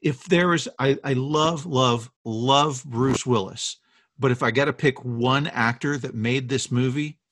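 Man, podcast co-host, husky voice, dry close sound, eager storyteller. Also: mid-range voice, a little slow, no echo. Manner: enthusiastic storyteller, animated retellings. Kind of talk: casual chat telling film history.

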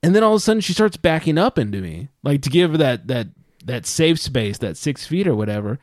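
A man telling a story on a casual podcast, profane and animated, with loud outbursts when he quotes himself. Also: a little high, brisk, dry recording, clean studio sound. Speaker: podcast co-host. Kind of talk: casual chat.

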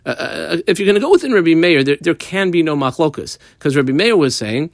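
A man's voice: on the high side, lively intonation, brisk, vocal fry, dry recording, studio quality. A man teaching a daily Talmud page, walking through the text line by line with Aramaic terms and casual asides. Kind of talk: daf study lesson.

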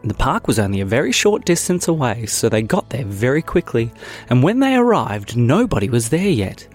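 A man's voice: medium pitch, big pitch swings, moderate pace, faint music behind. A man hosting a children's podcast, narrating a made-up story in a playful, childlike way.

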